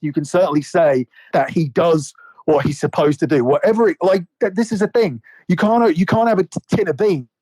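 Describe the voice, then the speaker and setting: A man's voice: on the high side, darkish tone, dry recording, low-quality recording. A man in casual podcast chat about wrestling, rambling and swearing a lot with many restarts. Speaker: podcast co-host.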